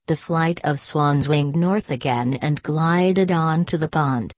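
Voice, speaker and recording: Fairy-tale narrator: woman, deep and unhurried, dry booth sound. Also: fairly even intonation, darkish tone, no echo. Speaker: storyteller. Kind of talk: scripted storybook narration.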